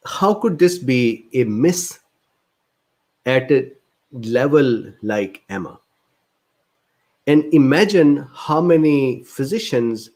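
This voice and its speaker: A man hosting a livestreamed medical Q&A, reading viewer questions aloud and answering them. His voice sits at a medium pitch, and an indignant, exasperated edge runs through his explanations. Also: darkish tone. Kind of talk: livestreamed Q&A lecture.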